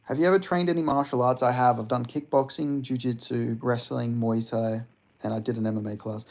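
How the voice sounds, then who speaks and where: Gravelly-voiced man streaming. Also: medium pitch, fairly even intonation, brisk, a little mellow. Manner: rambling, profane, reads chat aloud. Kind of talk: casual live-stream chat.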